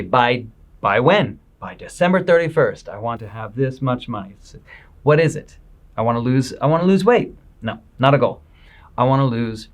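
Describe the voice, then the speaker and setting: A man talks as a business coach in a relaxed, upbeat way. He speaks straight to his listeners, chatty and encouraging, and slips into quick voices for what people think to themselves. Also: mid-range voice. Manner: upbeat, conversational, acts out inner voices. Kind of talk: motivational talk to camera.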